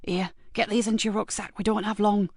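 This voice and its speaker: A woman's voice: fairly even intonation, brisk, creaky, a little mellow, no echo, studio quality. A woman voicing a hard, impatient older teenage boy in an audiobook. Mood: menacing. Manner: low, clipped and menacing.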